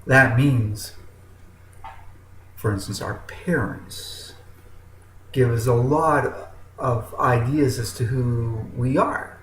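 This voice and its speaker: A man telling a fable slowly and dramatically, swinging between soft and strong emphasis. His pitch sits in a middle range. The voice rings in a roomy space with faint noise in the background. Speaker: motivational storyteller. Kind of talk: told fable with a moral.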